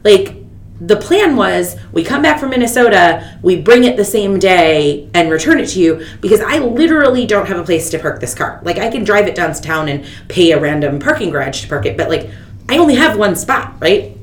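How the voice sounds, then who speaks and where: Animated woman telling a story. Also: moderate pace. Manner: animated, quotes people with big pitch jumps. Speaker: podcast host. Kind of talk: casual storytelling chat. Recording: echoey room with faint rumble.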